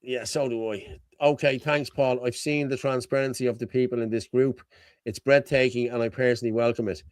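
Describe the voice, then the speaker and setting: A man's voice: medium pitch, fairly even intonation, a little fast, darkish tone, no echo. A middle-aged man hosting a live stream chat, rambling and swearing, with a constant "you know what I mean". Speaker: host.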